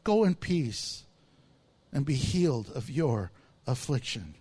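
A man's voice: mid-range voice, big pitch swings, slow, mellow, breathy edge. A man preaching a sermon, explaining words from the text and acting out the voices of people in the story. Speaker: pastor.

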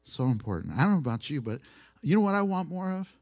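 A man's voice: a little high, big pitch swings, fast, a little mellow. A man preaching a sermon in a conversational way. He asks the listeners questions and repeats his key phrases.

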